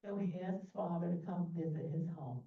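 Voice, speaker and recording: A woman from New Orleans presents a history talk, chatty and unpolished, with fillers and little asides, her voice a bit low. She sounds far from the mic in a very echoey meeting room, through a thin, phone-like line. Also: moderate pace, gravelly.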